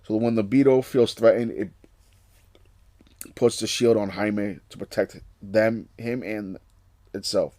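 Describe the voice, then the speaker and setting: A man narrating a comic read-along in a casual, explanatory way. His voice is low and mellow, and the sound is dry and close with no room echo. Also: fairly even intonation, a little slow, pauses often. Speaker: comic reader.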